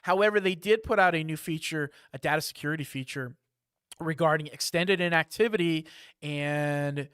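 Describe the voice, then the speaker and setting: A man with a fairly high voice hosts a live security news briefing. He talks in a lively, chatty way, dropping asides and jokes between items. The sound is dry and close, with no room around it. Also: normal speed, clean tone, no echo.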